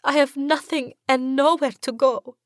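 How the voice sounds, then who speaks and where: A woman's voice: lively intonation, unhurried, dry recording, clean studio sound. A woman doing a frightened young runaway. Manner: pleading, voice climbing high.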